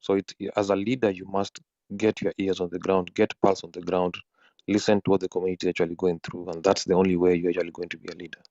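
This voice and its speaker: Low, flat husky man. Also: fast, no echo, muffled recording. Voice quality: husky from just waking. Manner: earnest, many repeated words and restarts. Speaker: guest speaker. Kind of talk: spontaneous audio-room talk.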